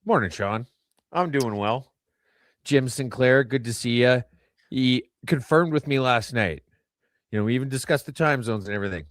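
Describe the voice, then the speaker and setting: A man co-hosting a podcast, telling wry jokes in a dry, unhurried way. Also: medium pitch, dry recording. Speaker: podcast co-host. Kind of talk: deadpan comic monologue and banter.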